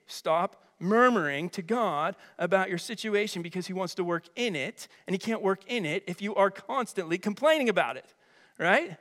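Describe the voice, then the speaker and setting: A man preaching a sermon as a pastor, energetic and emphatic, with chatty rhetorical asides. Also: high voice, moderate pace. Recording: long hall reverb.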